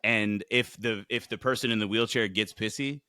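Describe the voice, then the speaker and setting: A man's voice: fairly low pitch, moderate pace, clear, resonant tone, dry recording, studio quality. A male podcast host in casual chat, joking and swearing freely and acting out what people say. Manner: animated, profane, jokey, acts out quotes.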